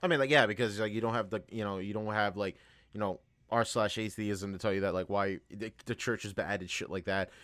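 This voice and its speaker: This podcast co-host speaks in a lowish, brisk male voice on a dry recording. In casual chat, he retells a show's plot with animated energy, heavy swearing, and plenty of laughter.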